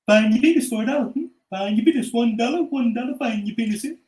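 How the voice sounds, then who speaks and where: A man's voice: very high-pitched, fast, darkish tone, echoey room, voice pushed up. A man voicing a leering cartoon man who hawks junk in a nasal, wheedling patter.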